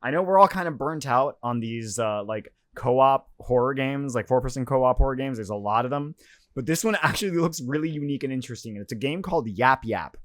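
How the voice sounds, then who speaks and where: A man's voice: medium pitch, lively intonation, fairly quick, a bit bright, no room sound. Laid-back man who swears and laughs. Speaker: podcast co-host. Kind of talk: casual chat.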